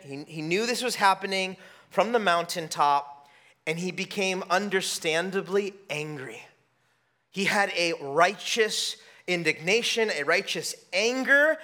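A man preaching a sermon, animated and conversational, acting out dialogue and often restarting his sentences. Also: high voice. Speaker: pastor.

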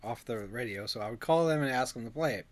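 A woman's voice: extremely low pitch, animated, fast talker. A woman co-hosting a casual chat, laughing often as she tells stories. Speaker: podcast co-host. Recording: loud background noise.

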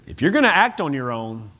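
Animated preaching man. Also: mid-range voice. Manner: lively preaching with asides and chuckles, reading scripture aloud. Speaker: pastor. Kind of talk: sermon. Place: church sanctuary.

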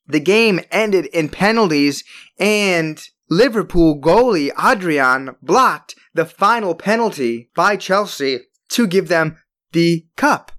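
A podcast host delivering an opinionated sports monologue in an emphatic, ranting way, with loud, high jumps on stressed words.

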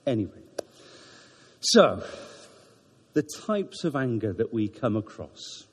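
Welsh man with a lively husky voice. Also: mid-range voice. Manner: chatty, self-deprecating, jokey, halting with ums. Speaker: church member giving a talk. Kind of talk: informal sermon talk. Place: church. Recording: echoey church hall.

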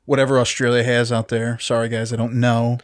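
A man's voice: medium pitch, little pitch movement, brisk, no echo. Man, podcast co-host, casual film chat, joking asides, dry close sound. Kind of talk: casual movie discussion.

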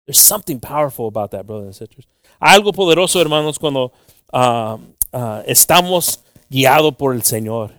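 A man's voice: mid-range voice, expressive, a little fast, fairly bright tone, dry recording, clean studio sound. A man preaching a sermon, switching between Spanish and English, with many fillers and acted-out quotes from the story. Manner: acts out quoted voices in the story. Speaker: pastor. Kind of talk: bilingual sermon.

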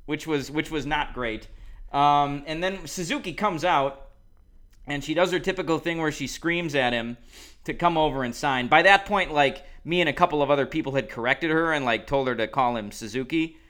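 A man's voice: on the high side, moderate pace, fairly bright tone. A man co-hosting a podcast, telling a long story in casual chat, rambling with lots of asides. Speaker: podcast co-host.

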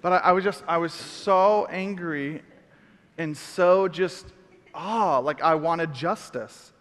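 A middle-aged man preaching, telling a story with lively acted-out outbursts. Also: fairly high pitch, takes it slowly, long reverb tail. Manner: animated storyteller, acts out shouts. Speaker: pastor. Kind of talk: sermon storytelling.

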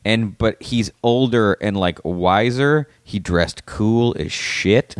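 A man co-hosting a podcast in casual chat, telling stories in quick bursts and acting out quotes. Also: lowish voice, no echo. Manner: animated storyteller, quick bursts, acts out quotes. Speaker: podcast co-host.

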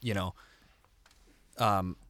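Hesitant lower-voiced man. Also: fairly even intonation, fairly bright tone, dry recording. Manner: hesitant, halting, restarts sentences. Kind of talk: casual fan discussion.

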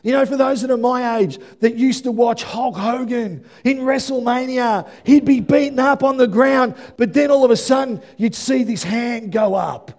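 A male pastor with a very high voice preaches an animated sermon. He climbs to shouts at the peaks and drops into quick asides.

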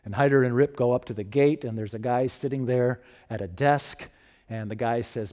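A man preaching a sermon, retelling a story and acting out its dialogue, then closing slowly and solemnly with a poem and a blessing. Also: medium pitch, dark tone. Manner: slow and solemn when quoting poetry and blessing.

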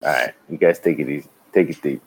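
A man's voice: rumbling low, fast, breathy edge, rough recording. A man on a casual podcast, mocking and laughing as he talks. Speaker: podcast co-host. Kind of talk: casual chat.

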